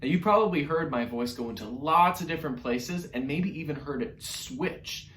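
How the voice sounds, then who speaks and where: A man teaching an online music lesson to young children, upbeat and encouraging, sometimes demonstrating hoots and squeaky voices. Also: animated, normal speed, a bit bright, echoey room.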